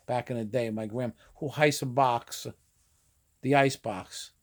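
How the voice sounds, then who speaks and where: A man's voice: mid-range voice, moderate pace, a little mellow. A middle-aged man from northern New Jersey with a New Jersey Italian-American accent, chatting casually in a rambling, streetwise way and swearing offhandedly. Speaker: vlogger. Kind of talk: casual monologue.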